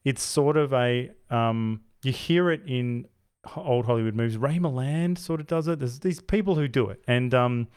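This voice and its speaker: A man's voice: medium pitch, normal speed, darkish tone, clear, resonant tone. A man co-hosting a film podcast, rambling casually with frequent restarts and laughs. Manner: rambling, self-interrupting, laughs often. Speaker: podcast co-host. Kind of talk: casual film review chat.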